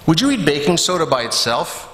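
A man voicing a kind, chatty churchwoman who explains things gently, recorded in an echoey church. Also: a little high, very animated, a little fast, pitched above the performer's own voice. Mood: playful. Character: warm, chatty middle-aged churchwoman. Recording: echoey church with long reverb.

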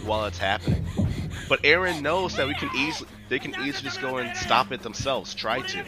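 A young man streaming his live reaction to a show, excitable and slangy, shouting in disbelief and swearing often. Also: mid-range voice, fairly quick. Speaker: streamer reacting to an anime episode. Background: show's soundtrack playing.

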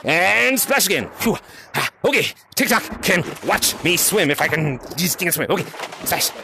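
A young man hosting a VR game lobby, shouting energetic play-by-play calls, repeating himself and laughing as he plays. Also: high voice, moderate pace, creaky, noisy background. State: sweaty. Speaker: VR game streamer hosting fan lobbies. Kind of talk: excited live gameplay commentary. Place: indoors, playing in VR.

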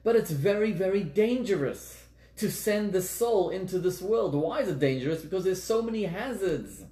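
A man's voice: high-pitched, expressive, normal speed, warm tone. A man teaching as a rabbi, giving an earnest lecture and repeating words for emphasis. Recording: echoey room.

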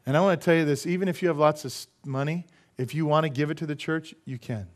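A man's voice: fairly high pitch, fast talker. A middle-aged man preaching a sermon as pastor, emphatic and full of rhetorical questions to the congregation.

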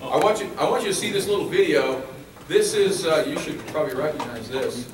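A man's voice: fairly high pitch, fairly quick. Emphatic man speaking in an echoey hall. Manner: emphatic, repeats phrases. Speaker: speaker at a public meeting. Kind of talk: public speech. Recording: echoey hall from far off, faint noise.

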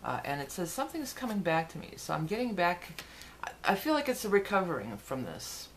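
A woman's voice: lowish voice, sing-song, brisk, a little hiss or hum. A woman giving a casual, rambling tarot forecast, with frequent fillers and restarts. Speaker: tarot reader.

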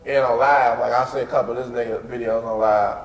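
A man hosting a casual chat, loud and slangy, laughing often and breaking into excited bursts. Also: mid-range voice, quick pace. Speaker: podcast host. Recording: roomy echo with long reverb.

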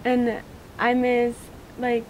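A teenage girl giving an oral history interview, recounting a personal memory in a halting way. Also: on the high side, monotone, a little hiss or hum. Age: teens.

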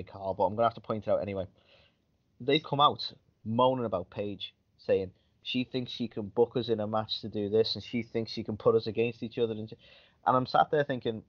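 A man co-hosting a podcast, chatting casually about wrestling in a rambling, griping way. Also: on the low side. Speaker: podcast co-host. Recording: dull lo-fi podcast audio.

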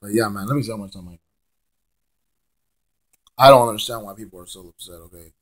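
A hoarse young man rants bluntly as a wrestling fan vlogger, stammering and repeating words, with some swearing. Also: fairly low pitch, brisk. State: hoarse, lost his voice. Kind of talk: casual ranting monologue.

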